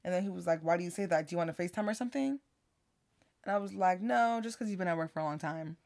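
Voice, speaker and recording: A woman with a low-set speaking voice tells a story on a casual podcast. She acts out both sides of a text conversation in an animated, laughing way. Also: rapid-fire, gravelly. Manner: animated retelling of text messages, laughing often. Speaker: podcast co-host.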